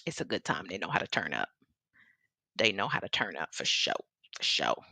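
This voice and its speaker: A woman's voice: very deep voice, sing-song, moderate pace, creaky, pushed and bright, dry recording. A woman from the Midwest with a Chicago accent, casually chatting and reading out viewer comments on a painting livestream, laughing often. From American Midwest. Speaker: artist livestream host. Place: home studio in Seattle.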